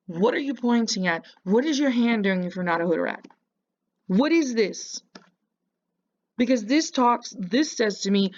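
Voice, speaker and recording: A woman's voice: a little high, expressive, measured pace, darkish tone, muffled recording. A woman giving casual reaction commentary, mocking and lecturing the person in a clip.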